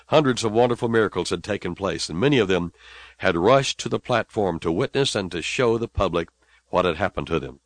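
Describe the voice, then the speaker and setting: A man preaching on a radio broadcast, telling a story dramatically and swinging between hushed and loud passages. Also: deep voice, expressive, brisk, dry recording.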